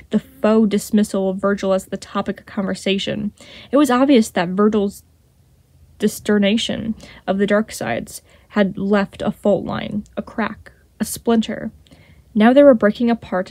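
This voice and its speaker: A woman narrating a fan fiction chapter as a podfic reader, in a steady, measured storytelling manner. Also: mid-range voice, no room sound.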